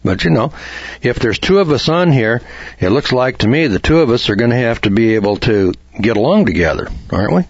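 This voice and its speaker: With a brisk, animated, mid-range voice, this American lecturer argues points of law in a homespun, folksy style, performing small dialogues along the way. The lo-fi recording is dull and dry, with no room sound.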